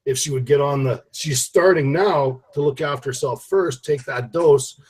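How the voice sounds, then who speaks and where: Husky man swearing in casual chat. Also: mid-range voice, a little mellow. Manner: blunt, swears freely.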